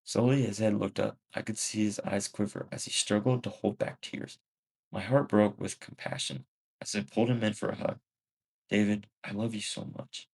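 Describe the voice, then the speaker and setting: A man's voice: on the low side, steady tone, normal speed, creaky, darkish tone, husky, low-quality recording. A man reading a first-person story aloud, a plain reading with small slips. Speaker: story narrator.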